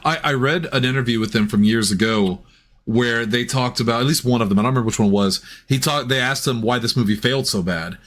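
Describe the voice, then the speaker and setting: A man's voice: medium pitch, quick pace, a bit bright. A man co-hosting a podcast, rambling in a casual film review chat, laughing easily and swearing. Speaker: podcast co-host.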